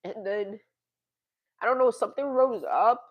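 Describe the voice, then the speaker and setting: A woman's voice: fairly high pitch, measured pace. A woman vlogging to her viewers in a rambling, confessional way, sighing, laughing and swearing now and then. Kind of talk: candid casual monologue.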